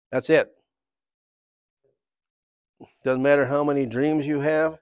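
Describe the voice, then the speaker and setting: A man's voice: a little high, little pitch movement, slow, pauses often, clear, resonant tone, no room sound. A man giving a church talk, telling stories in a rambling, conversational way. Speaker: church speaker. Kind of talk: anecdotal sermon talk.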